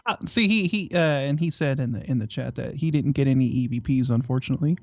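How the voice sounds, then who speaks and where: A man's voice: mid-range voice, fast talker, creaky, dry recording. A man co-hosting a casual livestream chat, chatty and jokey. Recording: dull lo-fi dry mic.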